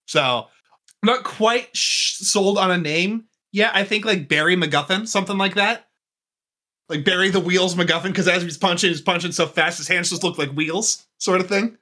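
A man pitching his tabletop character in a loose, rambling way, peppering his talk with "like". His voice is a bit higher than most and bright. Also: moderate pace. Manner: rambling, many fillers like "like". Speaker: player. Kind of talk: casual podcast chat.

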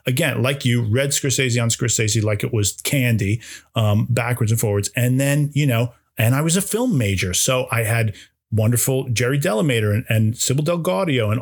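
A man's voice: medium pitch, husky. A man co-hosting a podcast, chatting casually and eagerly about films, with frequent word repeats. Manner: enthusiastic, repeats words, does little voices in anecdotes. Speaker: podcast co-host. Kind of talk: casual film discussion.

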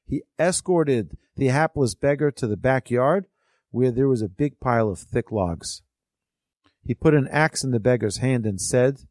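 A man's voice: medium pitch, expressive, a little slow, darkish tone, no room sound, studio quality. A religious teacher telling a parable and explaining it to his weekly class in an earnest, discursive way. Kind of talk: storytelling lesson.

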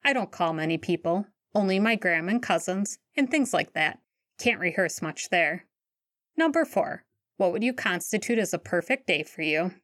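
A woman's voice: lowish voice, animated, normal speed, a bit bright, no echo. A woman voicing a studious teenage boy wizard in a podfic, dry and teasing.

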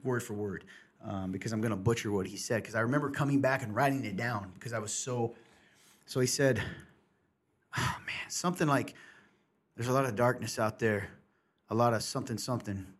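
A man's voice: medium pitch, brisk, slightly rough. A man in casual podcast chat, a pastor and host who tells stories in a rambling way, with many restarts.

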